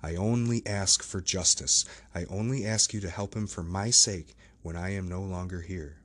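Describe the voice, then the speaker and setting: A man reading the part of a troubled gentleman doctor who pleads earnestly and evades questions. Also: deep voice, steady tone, normal speed. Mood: pleading.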